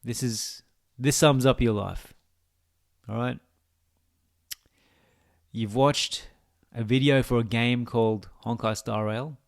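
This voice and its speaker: A man's voice: mid-range voice, fairly even intonation, slow, gravelly, pauses often. A man with an Australian accent, a gaming video creator giving a rambling, mock-philosophical monologue that teases the viewer.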